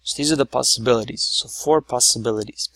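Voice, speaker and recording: A man's voice: medium pitch, quick pace, a bit bright, no room sound. A man teaching a lesson at a whiteboard, explaining patiently step by step with some fillers.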